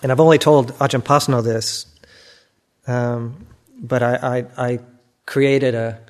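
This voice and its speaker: Older American monk, reflective and soft. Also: male voice, mid-range voice, fairly even intonation, a little slow. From United States. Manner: reflective, gently self-mocking, soft-spoken. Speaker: Buddhist monk. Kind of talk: dharma talk.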